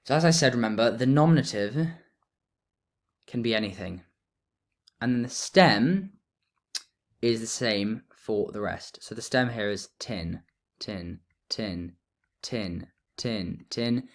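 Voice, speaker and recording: A man explaining grammar in a relaxed lesson, thinking aloud as he writes notes. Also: medium pitch, a little slow, pauses often. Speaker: teacher.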